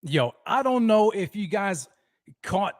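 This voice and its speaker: A man hosting a sports fan livestream, reading out viewers in an excited, high-energy roll call. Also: takes it slowly, dry recording, studio quality. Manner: hyped, energetic shout-outs to viewers.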